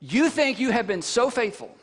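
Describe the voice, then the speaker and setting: Male pastor, high voice, lively storytelling sermon, quizzing the crowd; echo in a big hall. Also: normal speed, husky. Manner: animated storytelling with rhetorical questions to the congregation. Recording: long reverb from a large hall.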